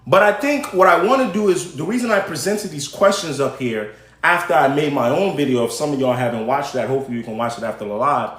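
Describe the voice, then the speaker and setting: High-voiced man hosting a live stream. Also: fast talker, fairly bright tone. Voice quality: casual, chatty, talks to viewers directly. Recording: roomy echo.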